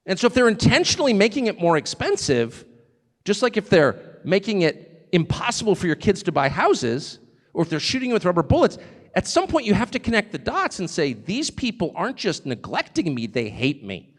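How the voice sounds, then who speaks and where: A man giving an animated, sarcastic, off-the-cuff speech to a live audience. He digresses and laughs at his own jokes. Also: high-pitched, brisk. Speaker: speaker addressing a live audience abroad. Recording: long reverb of a large hall.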